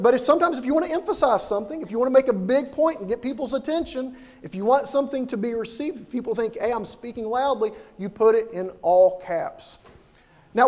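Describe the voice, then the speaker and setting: Pastor guy with a high voice giving a sermon in church, earnest, repeats himself a lot. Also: a little mellow. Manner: earnest, repeats words while building a point. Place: church sanctuary.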